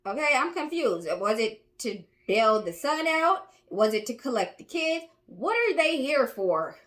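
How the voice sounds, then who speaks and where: Woman, commentary host, blunt reactions, lively swinging intonation, highish voice. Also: measured pace. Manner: blunt, exasperated remarks.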